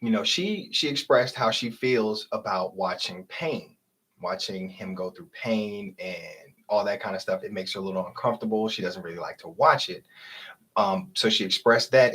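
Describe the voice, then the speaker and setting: A man in his thirties co-hosting a podcast, supportive and quick to laugh in casual chat. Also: fairly low pitch, fairly bright tone, husky. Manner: supportive, reacts with laughs and short agreements. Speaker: podcast co-host.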